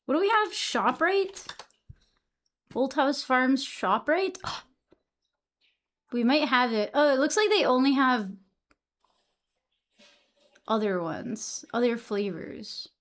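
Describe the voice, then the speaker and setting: A woman's voice: high voice, lively intonation, slow pace, long pauses. A young woman from Massachusetts chatting casually with her stream audience, answering chat messages and swearing freely.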